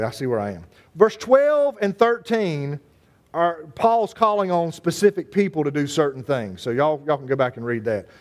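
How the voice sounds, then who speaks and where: A man, preaching a sermon in a folksy, joking way and calling on members of his congregation by name. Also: sits high. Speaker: pastor.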